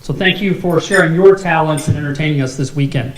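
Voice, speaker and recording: A man's voice: a little high, fairly quick. A man acting as emcee at an awards dinner, reading thanks and an introduction and joking in little asides. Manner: jokey, laughs at own asides. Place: banquet hall. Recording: echoey hall, faint noise.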